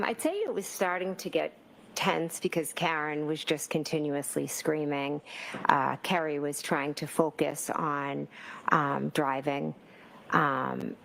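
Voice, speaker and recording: A woman's voice: low-pitched, unhurried, vocal fry, fairly bright tone, a little hiss or hum, low-quality recording. A woman giving courtroom testimony as a witness, hesitant, with many fillers and restarts. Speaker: trial witness.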